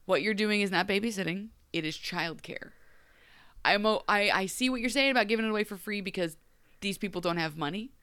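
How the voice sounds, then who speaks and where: A Midwestern American woman with a slightly raspy voice chats on a podcast about a TV episode. She is animated and sarcastic and acts out the lines of the characters she quotes. The recording is dry and close, and her tone comes through smooth and clear. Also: mid-range voice, fairly quick, no room sound. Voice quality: raspy right now. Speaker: podcast co-host. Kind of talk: casual chat recapping a TV episode.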